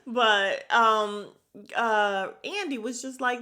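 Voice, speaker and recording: A woman's voice: mid-range voice, moderate pace, sharp tone. A woman hosting a podcast, chatting casually and gossipily as she recaps a show and acts out the quotes.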